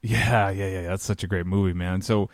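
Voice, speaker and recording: A man hosting a podcast in casual chat, enthusiastic and quick to laugh, often repeating words as he starts sentences. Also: low-pitched, steady tone, vocal fry, no echo, clean studio sound. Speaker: podcast host.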